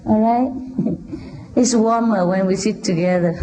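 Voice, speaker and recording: A woman's voice: on the high side, takes it slowly, warm tone, slight background noise. A woman speaking to a live audience, playful and laughing often, in a non-native English with a Vietnamese first language. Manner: playful, laughing, chatting with the crowd. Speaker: spiritual speaker. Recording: dull lo-fi live recording.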